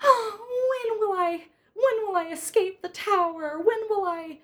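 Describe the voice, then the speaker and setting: A woman mimicking a wistful fairy-tale princess stuck in a tower, in a high sighing voice. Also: measured pace, bright, forceful tone, full character voice.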